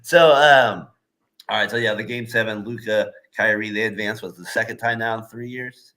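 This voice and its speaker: A man's voice: on the low side, fairly even intonation, moderate pace, sharp tone. A man co-hosting a sports podcast in casual chat, rambling with lots of fillers and laughing often. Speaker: podcast co-host.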